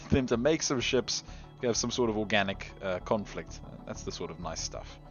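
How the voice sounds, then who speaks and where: A man giving casual gameplay commentary, chatty and giggly, often trailing off into quiet mutters. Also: lowish voice, lively intonation, moderate pace, dull audio, music in the background. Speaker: game video host.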